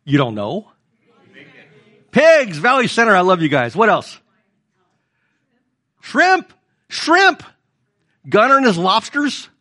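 A middle-aged man preaches in a high, light voice. He keeps it conversational and turns to the congregation with questions. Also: wildly swooping pitch, normal speed, pauses often, sharp tone. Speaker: pastor. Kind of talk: sermon.

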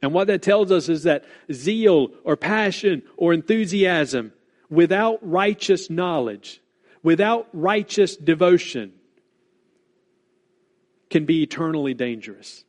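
A pastor preaches a sermon in a fairly high, expressive voice. He is earnest and deliberate, stressing key words and repeating them for weight.

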